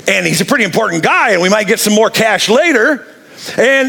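A man preaching a sermon, animated and jokey, acting out the people he quotes. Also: high voice. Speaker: pastor.

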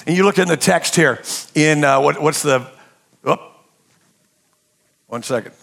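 Male pastor, sermon delivery, slightly high gravelly voice, loud-soft dynamic swings. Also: a little slow. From United States. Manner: impassioned preaching, swinging from shouts to hushed tones.

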